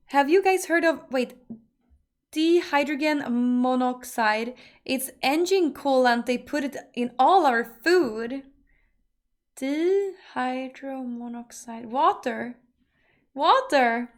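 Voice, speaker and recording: A woman streamer chatting casually and rambling to her viewers, now and then breaking into loud laughing rants. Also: high-pitched, slow pace, long pauses.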